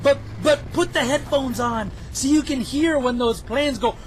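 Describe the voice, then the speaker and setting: A man's voice: very high voice, measured pace, slight background noise, poor audio. A man giving chatty, self-mocking commentary over his own gameplay footage, joking as he goes. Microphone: headphones with mic.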